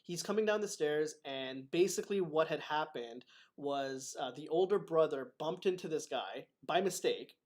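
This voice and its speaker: Male host, martial arts teacher, higher voice, chatty storyteller. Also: normal speed. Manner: animated storytelling with laughs. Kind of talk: casual chat.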